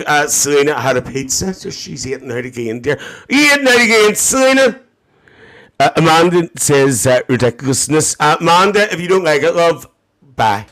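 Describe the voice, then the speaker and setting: A man's voice: mid-range voice, fairly bright tone, lightly acted. A gossiping, bawdy middle-aged auntie, played by a man, with a broad Northern Irish accent. She chats cheekily to her live-stream viewers and calls everyone dear and love. Her voice sits in a middle register and comes through a phone mic. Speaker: TikTok live host. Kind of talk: live-stream comedy character chat.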